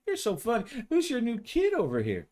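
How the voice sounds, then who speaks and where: A man's voice: extremely high pitch, wildly swooping pitch, a little mellow, voice pushed up, heavily acted. A man doing a taunting senior female cop. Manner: sing-song taunting, drawn-out. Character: mocking senior female cop, brash teaser.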